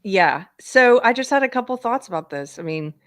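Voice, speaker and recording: A woman's voice: mid-range voice, lively intonation, normal speed, a bit bright, no echo, clean studio sound. A middle-aged woman hosting a live-stream talk show, chatty, with sly asides and frequent laughter. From United States. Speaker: host.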